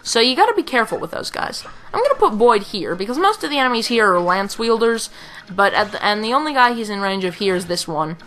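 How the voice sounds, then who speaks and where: A woman's voice: mid-range voice, very animated, fast talker, fairly bright tone. A young woman casually commenting on a strategy game she plays, rambling, with filler sounds. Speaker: let's play host.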